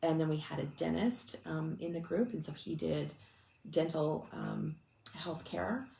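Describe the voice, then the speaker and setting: A woman's voice: sits low, unhurried, vocal fry, dark tone. A woman ministry speaker telling a story in a casual, chatty way, full of restarts and fillers, and close to tears. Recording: echoey room with faint noise.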